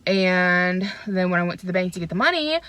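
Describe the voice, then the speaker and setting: A woman's voice: on the low side, lively intonation, a little fast, fairly bright tone, smooth, no echo. A young woman vlogging from her phone, venting in a frustrated, chatty way about her day. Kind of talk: casual vlog chat.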